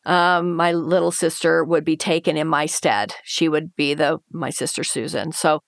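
A woman with a low voice and vocal fry tells an interviewer a painful personal story, keeping a steady tone and moderate pace. Her retelling is earnest and emotional, full of quoted inner thoughts and other people's voices, recorded cleanly in a studio without echo.

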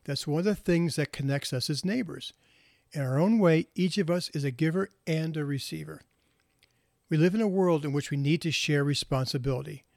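A man giving a reflective talk, telling moral stories gently and unhurriedly, with pauses and small restarts. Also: a little high, vocal fry, dry recording, clean studio sound. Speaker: speaker sharing moral stories.

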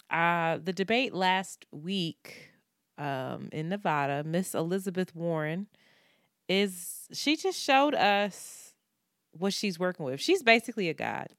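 Joking, lower-voiced woman podcast co-host. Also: unhurried, no echo, studio quality. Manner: animated, joking storyteller, laughs often. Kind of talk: casual chat.

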